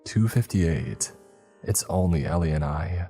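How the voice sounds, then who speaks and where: Deep, husky male horror narrator. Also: unhurried, dark tone. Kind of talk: scripted first-person narration. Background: faint music.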